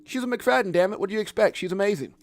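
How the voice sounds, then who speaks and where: A middle-aged man hosting a casual live crypto market rundown, joking and animated, swearing casually and shouting out viewers. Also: sits high, racing, no echo, studio quality. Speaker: crypto livestream host.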